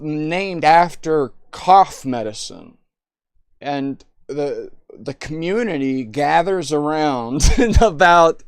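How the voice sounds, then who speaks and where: A man's voice: a little high, smooth, no echo, studio quality. A young man hosting a stream, chatting and rambling in a playful, teasing way with friends. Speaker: streamer host. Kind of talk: casual voice chat banter.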